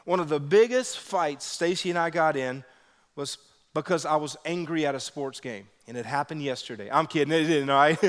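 A man preaching a sermon as pastor, telling personal stories and acting out quotes with big swings in his voice. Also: long reverb tail. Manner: animated, acts out quotes with big pitch jumps.

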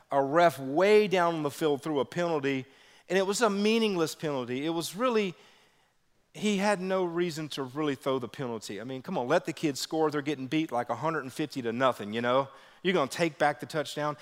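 Animated male pastor preaching in a hall. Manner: animated, acts out quotes with big pitch jumps. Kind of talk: sermon with personal stories.

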